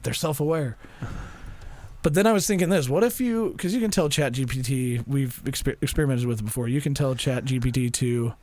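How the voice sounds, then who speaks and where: A young man co-hosting a podcast, chatting casually and acting out what people said in lively voices. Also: mid-range voice, brisk, dry recording. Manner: animated storyteller, acts out quotes in voices. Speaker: podcast co-host.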